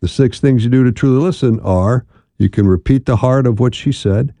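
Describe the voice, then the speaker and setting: A man's voice: mid-range voice, moderate pace, warm tone, no room sound. A man giving casual marriage advice, checking in with "right?" after each point and acting out example lines. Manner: conversational, peppered with "right?" tag questions; acts out quoted lines in a raised voice.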